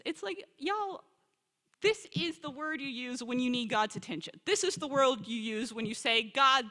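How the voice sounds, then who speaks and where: A woman giving a lively, conversational Bible teaching talk as a visiting scholar, acting out quoted complaints along the way. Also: fairly high pitch. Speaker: scholar in residence lecturer. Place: congregation sanctuary or hall. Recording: long reverb of a large hall.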